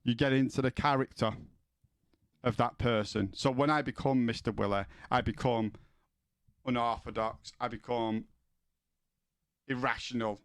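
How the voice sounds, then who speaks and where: A man's voice: mid-range voice, fairly even intonation, normal speed, long pauses, smooth, dry recording. A man streaming from home, chatting casually with his viewers, rambling and swearing, often stumbling as he starts a sentence. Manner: sweary, rambling, repeats words when starting.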